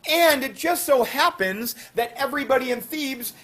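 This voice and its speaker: A male teacher with a high voice, spinning an old myth for his classroom. He keeps it jokey and slangy, full of asides and fillers. The recording sounds like it was made in the class itself. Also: lively intonation, moderate pace, pushed and bright. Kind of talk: classroom storytelling lecture. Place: classroom with students.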